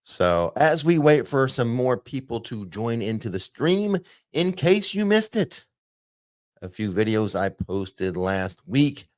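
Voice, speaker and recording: A man's voice: medium pitch, big pitch swings, takes it slowly, no room sound, studio quality. A man hosting a casual theme park news podcast, chatty and loose, with plenty of fillers. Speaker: podcast host.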